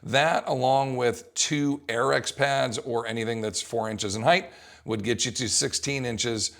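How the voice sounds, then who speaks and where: A young adult man coaching fitness, explaining an exercise test in a casual, lively way. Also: mid-range voice, measured pace. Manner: casual, animated, acts out coaching calls. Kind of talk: instructional talk.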